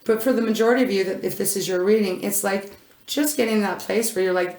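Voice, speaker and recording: A woman's voice: mid-range voice, fast, a little mellow, echoey room. A woman reading tarot in a casual, effusive way, gushing over each card and rambling with frequent restarts. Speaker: intuitive tarot reader.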